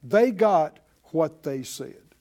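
A man's voice: on the high side, animated, takes it slowly, a little mellow. A man preaching a sermon, firing rhetorical questions at his congregation. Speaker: pastor.

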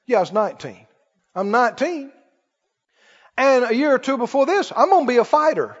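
High, lively-voiced male preacher. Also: fairly quick. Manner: storytelling with rhetorical questions, laughing at himself. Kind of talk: sermon. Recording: dull audio with long reverb in a hall.

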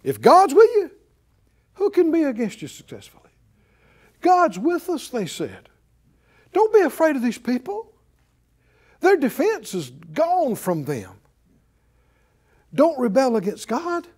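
A male preacher with a high, mellow voice that swings widely in pitch. He preaches emphatically, pleading with listeners and repeating phrases to drive them home. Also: huge pitch swings, unhurried, long pauses. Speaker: pastor. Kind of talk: sermon.

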